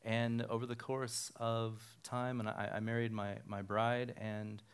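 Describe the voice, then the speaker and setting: A man's voice: medium pitch, little pitch movement, measured pace, clear, resonant tone. A male pastor from Nevada with a tired voice, telling casual, self-deprecating stories in a sermon at a church on a handheld microphone. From Nevada, USA.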